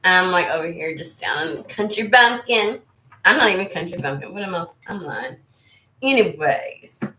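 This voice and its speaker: A rambling American woman talks casually to her viewers as a tarot channel host, candid and freely swearing. Her voice sits low, and the sound carries a roomy echo. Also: animated, normal speed, sharp tone, a little hiss or hum. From United States. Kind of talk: casual livestream chat with viewers.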